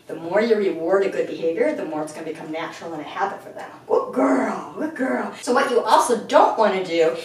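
A woman's voice: lively intonation, fast talker, few pauses. Echoey, distant woman dog trainer. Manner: clear explaining tone, switching to high sing-song calls of praise. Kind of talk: instructional training video. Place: indoors at home. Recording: very echoey room, far from the mic.

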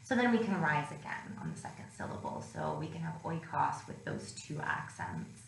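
A woman's voice: sits low, wildly swooping pitch, normal speed, gravelly. A woman instructor explaining a grammar lesson in a recorded lecture, with frequent ums and uhs. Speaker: classics instructor. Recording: echoey room with faint noise.

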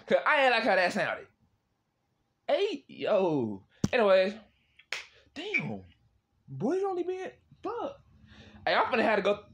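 A young man casually chatting with strangers on a video chat app, swearing and loudly reacting. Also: high voice. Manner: slangy, swears often, loud exclaiming reactions and laughs.

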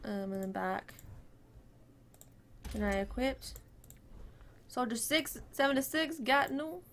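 Bright high-voiced woman playing a game. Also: animated, slow pace, slight background noise. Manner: chatty, cheering on her team. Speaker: gaming video creator. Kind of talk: casual gameplay commentary.

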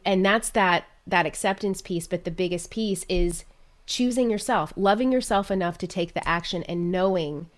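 Candid woman telling her story, slightly low. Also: normal speed, hardly any pauses. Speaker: podcast guest, business coach. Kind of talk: casual interview chat.

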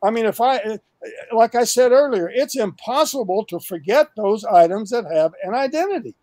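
Speaking as a guest over a video call, an older man enthusiastically pitches a project, piling up emphatic lists and starting sentences over. His voice is a bit high for a man, close and dry with no echo, and he keeps a normal speed.

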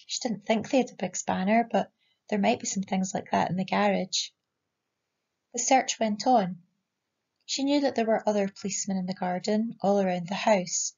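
A woman teacher with a Scottish accent reads a story aloud to her pupils in a clear, measured voice at a middling pitch. The sound is a little dull and muffled, like a lo-fi recording. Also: a little mellow. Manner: clear, measured classroom reading. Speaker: English teacher. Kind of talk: reading a story aloud in a lesson.

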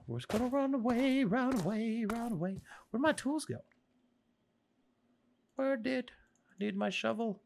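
A gaming video host giving excitable play-by-play commentary, chatting to the game's creatures and swinging between whispers and shouts. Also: mid-range voice, creaky. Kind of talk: gameplay commentary.

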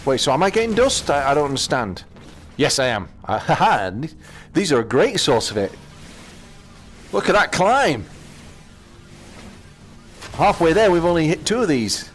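A British man casually commenting as he plays a VR game, chatting to himself with quick exclamations. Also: fairly high pitch, big pitch swings, a little hiss or hum. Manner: chatty, talks to himself while playing, exclamations. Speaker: gaming channel host.

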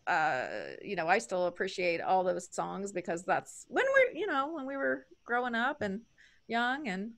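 A woman's voice: mid-range voice, expressive, normal speed, fairly bright tone. A woman co-hosting an interview podcast, talking in a bubbly, chatty way. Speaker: podcast co-host. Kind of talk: casual interview chat.

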